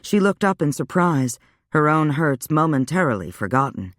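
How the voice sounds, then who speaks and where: A man narrating a dark romance audiobook in an even, measured storytelling voice. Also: on the high side, no echo, studio quality. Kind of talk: scripted narration.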